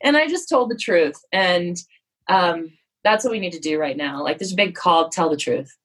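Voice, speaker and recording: A woman's voice: fairly low pitch, animated, normal speed, breathy edge, rough recording. A woman talking frankly and with self-deprecating humor, telling personal stories and acting out what she and others said. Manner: frank and self-deprecating, acts out her own quotes. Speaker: yoga studio guest. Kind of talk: candid conversational storytelling.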